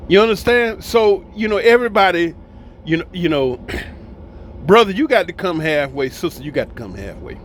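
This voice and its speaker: Animated preachy man with a lively pitch. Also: slight background noise. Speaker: commentator. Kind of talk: casual talking to camera.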